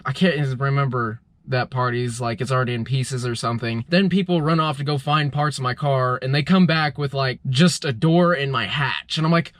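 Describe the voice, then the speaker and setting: A man's voice: mid-range voice, brisk, few pauses, fairly bright tone, dry recording, studio quality. A young man casually retelling a strange dream as a vlogger, rambling with lots of fillers. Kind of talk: casual storytelling.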